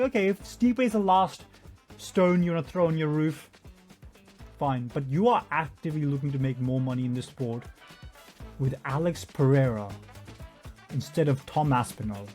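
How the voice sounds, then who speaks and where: A man's voice: fairly high pitch, darkish tone. A man giving a profane, mocking commentary rant over interview clips. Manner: mocking, profane, does sarcastic impressions. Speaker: YouTube commentator.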